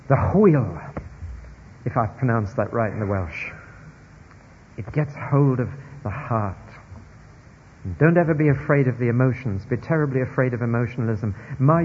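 A man preaching a sermon, expressive, moving between hushed stretches and emphatic ones, in a dull recording with long hall reverb from a church or large hall. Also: mid-range voice, slight background noise.

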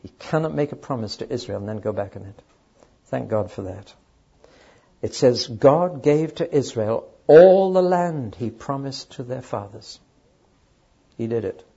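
A man's voice: medium pitch, animated, a little slow, creaky, warm tone, slightly rough, highs cut off. A man preaching a sermon to a live audience, emphatic and speaking straight to the listeners. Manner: emphatic, addresses audience directly.

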